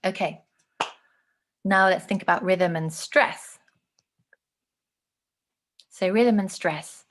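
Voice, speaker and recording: Speaking slowly in a mid-range voice, a woman leads an online class on speech delivery and models phrases clearly with changing intonation.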